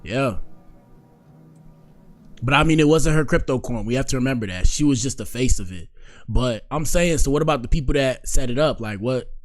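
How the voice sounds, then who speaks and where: A man's voice: mid-range voice, expressive, normal speed, faint music behind. A man hosting a casual reaction stream, rambling and slangy, repeating himself as he jokes and comments. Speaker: streamer host.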